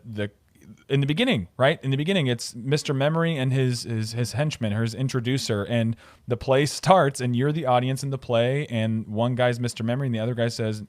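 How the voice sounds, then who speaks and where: Male podcast host, mid-pitched, explanatory, dry close sound. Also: dry recording. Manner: articulate, explanatory, some fillers. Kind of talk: casual film discussion.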